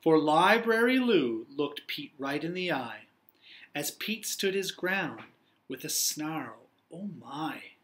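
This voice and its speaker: A young man, a teacher, reading a picture book aloud to young children in an encouraging, expressive way. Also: a little high, slow.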